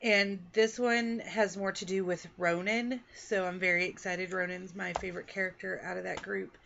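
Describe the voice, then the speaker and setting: A woman's voice: mid-range voice, steady tone, moderate pace, gravelly, a bit bright. A woman from Texas and Oklahoma talks to her camera as an author and book vlogger, rambling and poking fun at herself. Her voice sits in a middle register. The home video sounds a little dull and lo-fi. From Texas and Oklahoma, USA. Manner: chatty, rambling, self-deprecating. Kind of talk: casual chat to camera.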